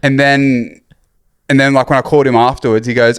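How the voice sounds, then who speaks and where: Man, 30s, casual chat, smooth tone, dead dry recording. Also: mid-range voice, flat delivery, fast, no room sound. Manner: laid-back storytelling, sweary. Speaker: podcast co-host.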